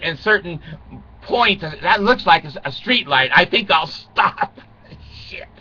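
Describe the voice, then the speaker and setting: A man's voice: fairly high pitch, bright, forceful tone. An older man telling rambling, self-mocking comic stories, swearing and chuckling, on a dull lo-fi recording. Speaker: vlogger.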